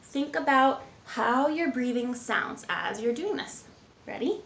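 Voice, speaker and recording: A woman's voice: high voice, animated, unhurried, creaky, a bit bright, a little hiss or hum, full character voice. A young woman playing Jane and leading children through a movement and mindfulness lesson in an upbeat, encouraging way. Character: cheerful young woman adventurer, friendly guide. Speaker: kids' movement and mindfulness instructor. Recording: echoey room, faint ambience.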